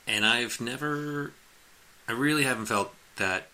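A man's voice: medium pitch, measured pace, sharp tone. A man in his late thirties telling a long rambling story in casual chat, laughing often and acting out what people said. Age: late 30s.

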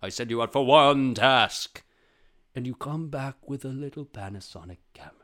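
A man's voice: medium pitch, normal speed, sharp tone, pitched above the performer's own voice, close to an everyday voice. A man voicing a scheming male jaguar crime boss who scolds his henchmen in a menacing voice.

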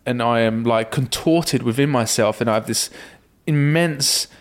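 A man talks through his thoughts in a casual, reflective chat. His pitch sits mid-range. He drops swear words casually as he talks. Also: unhurried.

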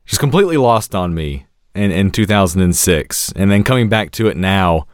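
Male podcast co-host, deep voice, dry close sound, unhurried reflective chat. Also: lively intonation, no echo. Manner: slow, reflective, hesitant. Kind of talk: casual chat.

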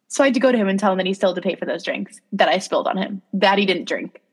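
A young woman co-hosting a relaxed podcast, her voice sitting in the middle of the range. She laughs often and tells her stories in a loose, rambling way, with fillers throughout. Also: medium pitch, rapid-fire. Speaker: podcast co-host. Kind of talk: casual chat.

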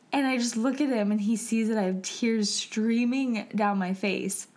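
A woman hosting a podcast who tells a personal story in a casual, emotional and animated way, talking straight to her listeners. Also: fairly high pitch, moderate pace. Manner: emotional and animated, addresses listeners as "you guys"; casual and chatty, with frequent "like" fillers. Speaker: podcast host.

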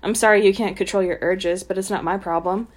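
A woman's voice: mid-range voice, steady tone, a little fast, a little hiss or hum. A woman co-hosting a podcast, reading a trashy novel aloud with sarcastic, giggly asides. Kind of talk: mocking dramatic reading with commentary.

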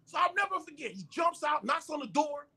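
A middle-aged man, a podcast guest, telling profane stories in an animated way and acting out the voices of the people in them. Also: extremely high pitch, a little fast. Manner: excitable and profane, acts out voices in his stories. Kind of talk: animated storytelling in casual chat.

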